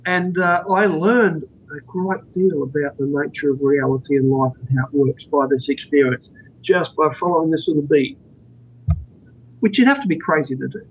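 A man's voice: on the high side, normal speed, slight background noise. A man being interviewed as a guest author, telling a long anecdote in a rambling, earnest way. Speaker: guest, author on out-of-body experiences. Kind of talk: storytelling in a podcast interview. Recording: dull lo-fi recording.

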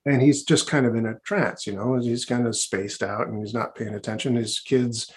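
A man's voice: mid-range voice, fairly even intonation, normal speed. A man working as a hypnotherapist, answering interview questions in a chatty, rambling way with many restarts and asides, over a video call.

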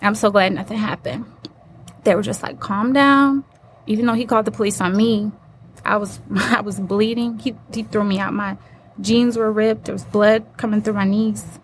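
A woman's voice: mid-range voice, flat delivery, normal speed. A woman guest telling a personal story in an interview, earnest and acting out the voices she quotes. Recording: faint background noise.

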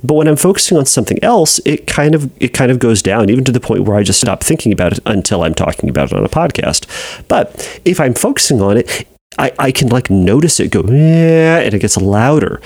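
A man's voice: mid-range voice, big pitch swings, fast talker, a little mellow, slightly rough, dry recording. A man hosting an advice podcast, talking in a thoughtful way with frequent restarts, a bit congested and nasal. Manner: thoughtful, repeats and restarts while explaining. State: congested, nasal from sinus trouble. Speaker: podcast host and therapist. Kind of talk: advice podcast, answering a listener.

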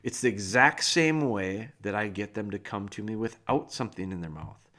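A man hosting a podcast, giving casual, plain-spoken dog training advice with a folksy, animated manner. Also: fairly low pitch, moderate pace.

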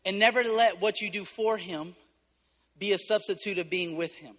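High-voiced man preaching a tearful sermon. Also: moderate pace, big-room sound. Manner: emotional, swinging from loud exhortation to soft intimacy.

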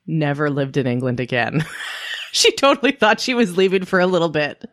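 A woman's voice: low voice, brisk. A woman co-hosting a podcast, telling family stories in a rambling, casual way with lots of "like". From Canada. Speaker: podcast co-host. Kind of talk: casual chat.

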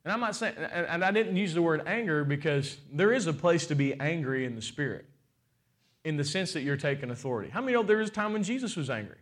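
A man in his forties preaching a sermon as pastor, asking the crowd rhetorical questions with lively swings in pitch and loudness and playful asides. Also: fast talker. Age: 40s.

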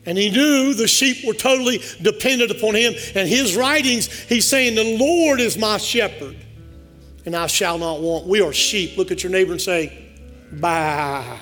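Male pastor, very high-pitched, fervent sermon with call-and-response and shouted peaks, faint music behind. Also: moderate pace. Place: church sanctuary.

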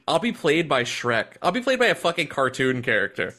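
Excitable, swearing man. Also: on the high side, normal speed. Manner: excited, profane, laughing storyteller. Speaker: podcast co-host. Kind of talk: casual chat.

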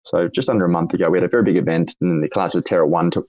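A man with an Australian accent and a raspy voice, hosting a casual audio chat and asking long, rambling questions with lots of fillers. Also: low voice, steady tone, rapid-fire, darkish tone, no echo, lo-fi sound. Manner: rambling, self-correcting questions with frequent fillers. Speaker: host. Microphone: online audio chat room.

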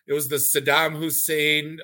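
A man's voice: a little high, level tone, measured pace, bright, forceful tone. A man interviewing a guest in casual conversation, cracking jokes and cutting in with questions.

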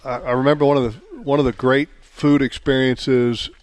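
A man co-hosting a casual radio chat, rambling with many restarts and getting excited about food. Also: mid-range voice, moderate pace, dry recording. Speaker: co-host.

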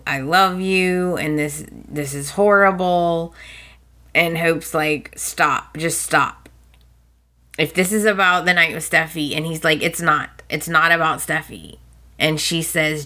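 A woman's voice: on the low side, sharp tone. A woman hosting a podcast, recapping soap opera episodes in a casual, chatty way, laughing often and briefly acting out the characters' lines.

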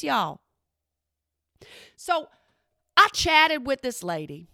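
A middle-aged woman telling a story in a chatty, animated way and often checking in with her listeners. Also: on the high side, unhurried, no echo, clean studio sound. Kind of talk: casual spoken storytelling.

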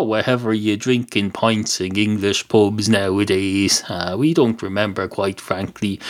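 A man with an Irish accent rambling through a sweary comic monologue as a podcast host. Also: on the low side. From Ireland. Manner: sweary, ranting, full of fillers.

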